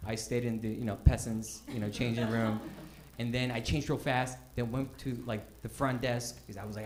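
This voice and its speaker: A man doing stand-up, telling a self-mocking story in an animated way and acting out what people said. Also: mid-range voice, moderate pace. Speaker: stand-up comedian.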